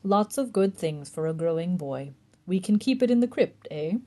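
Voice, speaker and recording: A woman reading a calm mysterious graveyard guardian. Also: lowish voice, moderate pace. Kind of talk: storybook reading.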